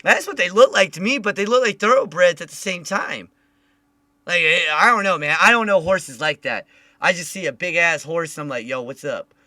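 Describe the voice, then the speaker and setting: Male host, high and very bright voice, loud, profane, animated; dry close sound. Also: normal speed, no room sound. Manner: loud, animated, swears a lot. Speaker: podcast host. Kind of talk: casual chat.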